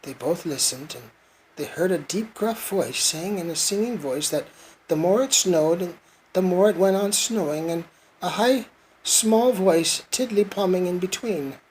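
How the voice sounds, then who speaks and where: A man reading a storybook aloud to his son in a gentle, even way. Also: high-pitched, a little slow, a little hiss or hum. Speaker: father reading a bedtime story.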